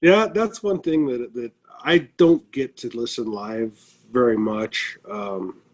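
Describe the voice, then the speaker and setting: Husky-voiced rambling middle-aged man. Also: mid-range voice, slow pace. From Flagstaff, Arizona. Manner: rambling, filler-heavy, chuckles often. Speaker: listener guest. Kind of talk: casual chat.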